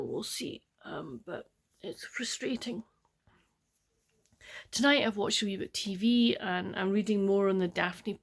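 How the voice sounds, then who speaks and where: An older Scottish woman records a diary-style book vlog at home, rambling softly and often sinking almost to a whisper. Her voice sits in the mid range.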